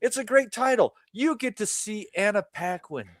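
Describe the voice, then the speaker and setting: A man co-hosting a podcast in casual, profane banter, animated and laughing often. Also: high-pitched, moderate pace, no echo. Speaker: podcast co-host.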